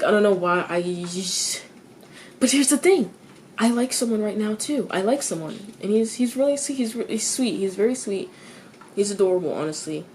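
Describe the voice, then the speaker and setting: A teenage girl vents in a confessional vlog, stopping and restarting sentences, repeating herself and swearing freely. Her slightly mellow voice jumps high when she's exasperated, and there's a bit of hiss or hum in the recording.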